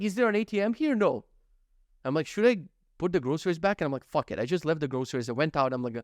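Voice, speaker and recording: A man's voice: a little high, fast talker, dry recording, clean studio sound. A man in his thirties casually telling a story about his day, swearing freely and acting out his own thoughts and what others said. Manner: animated, profane, acts out his own thoughts and quotes. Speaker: vlogger.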